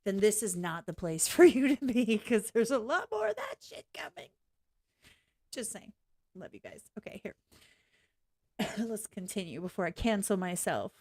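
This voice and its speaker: A middle-aged woman hosting a live-stream reaction, blunt and excitable, bursting into laughter often. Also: mid-range voice, moderate pace, husky.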